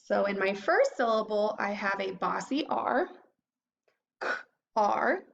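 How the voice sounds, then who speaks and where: A young woman teacher leads a children's phonics lesson, stretching out each sound slowly and clearly. She talks at an ordinary middle pitch. The audio is a little dull, as if recorded on a computer microphone. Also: animated. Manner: slow, clear sounding out of word parts.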